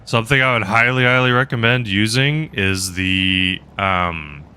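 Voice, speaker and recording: A man's voice: lowish voice, measured pace, pushed and bright, clear, resonant tone. A man live-streaming a game, rambling casually and chatting with viewers between laughs. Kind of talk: casual gaming commentary.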